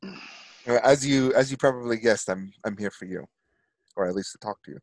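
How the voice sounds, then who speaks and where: A man's voice: mid-range voice, normal speed, no echo. A man as a player in a tabletop game, speaking his character's lines in an easygoing, hesitant way.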